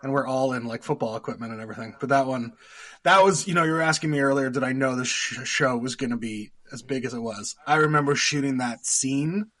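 A man's voice: medium pitch, fairly quick, a bit bright. A young Canadian man, a guest actor on a podcast, telling rambling stories with lots of fillers and laughter. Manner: rambling storyteller, laughs often, many fillers. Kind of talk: casual podcast interview.

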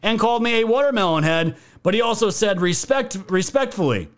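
A man's voice: high voice, very animated, fairly quick. A man hosting a podcast, giving casual political commentary in a joking, profane way. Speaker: podcast host.

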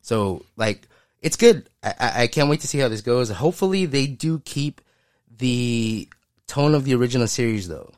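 With lively intonation and a slightly mellow, medium-pitched voice, a man talks at a moderate pace on studio-quality audio with no room sound. As co-host of a casual pop-culture podcast, he rambles excitedly and laughs often.

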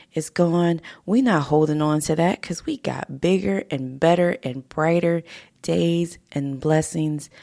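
A woman's voice: lowish voice, creaky, warm tone, dry recording, studio quality. A woman hosting a podcast, speaking heartfelt and slightly emotional, laughing often as she talks. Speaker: podcast host. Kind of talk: casual motivational podcast talk. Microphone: podcast microphone in a home studio.

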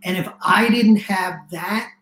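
A man's voice: high voice, fairly bright tone. Earnest middle-aged man, roomy sound. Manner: earnest, emotional storytelling, rushed restarts. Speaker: guest, business coach. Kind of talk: casual interview chat. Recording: roomy echo.

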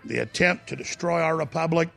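A male talk-radio host rants fervently, stumbling and repeating words. His voice is heavily gravelly and a touch high, with faint music beneath. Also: a little fast, sharp tone. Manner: fervent, ranting, repeats himself.

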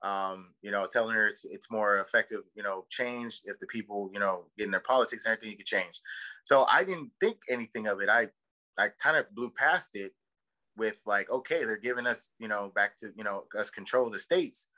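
Podcast guy rambling and cussing a lot, bright forceful voice, lots of ums. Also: on the low side, a little fast, rough recording. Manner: rambling, profane storytelling with many fillers; heated and emphatic. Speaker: podcast co-host. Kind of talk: casual podcast chat.

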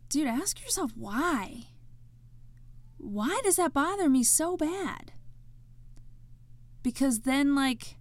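A woman talking casually to camera and giving advice, with a direct, slangy way of talking that slows down on key points. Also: high-pitched, no room sound. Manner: animated, slows down to stress points. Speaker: vlogger giving anxiety advice.

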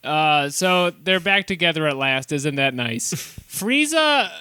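A man co-hosting a podcast, recapping an episode in a jokey, casual way with quick asides and frequent laughs. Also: fairly high pitch, sing-song, pushed and bright, smooth. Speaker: podcast co-host. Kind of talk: casual comedic recap chat.

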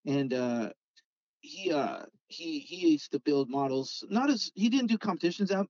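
Kinda high-voiced guy rambling through a story, lots of uh and you know, dry muffled sound. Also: moderate pace, no echo. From Southern California. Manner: rambling, animated when quoting others. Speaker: guest, Hot Wheels customizer. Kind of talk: casual storytelling chat.

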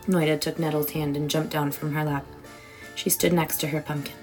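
A woman reading a children's storybook aloud in an expressive, warm way. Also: low voice, moderate pace, poor audio. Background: soft music.

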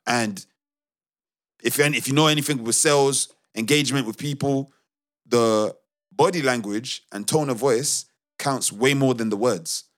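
A man's voice: medium pitch, unhurried, a bit bright. A man co-hosting a casual podcast, telling a story emphatically with lots of restarts. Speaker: podcast co-host.

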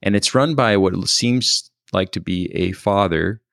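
In a close, dry recording with no echo, a man recounts a personal experience in a very low, gravelly voice heavy with vocal fry. His tone is fairly bright, and he sounds thoughtful and hesitant, frequently pausing and starting over.

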